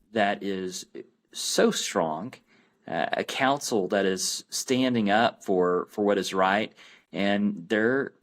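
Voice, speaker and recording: A man as a podcast guest, explaining earnestly and often restarting his sentences. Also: fairly low pitch. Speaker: guest, anti-abortion campaign founder. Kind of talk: podcast interview.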